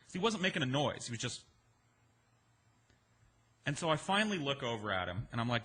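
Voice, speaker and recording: Dude telling a story casually, swears a lot, bright and kinda husky. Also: male voice, mid-range voice, fast talker. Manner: conversational, profane, animated in places.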